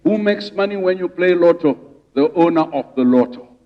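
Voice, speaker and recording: A man's voice: a little high, expressive, normal speed. A man from Zimbabwe speaking as a rights advocate to a conference audience, stirring the room with repeated rhetorical questions. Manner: rousing, rhetorical questions, preacher-like repetition. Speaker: rights advocate giving a speech. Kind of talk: public speech to an audience. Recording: distant, dull hall recording.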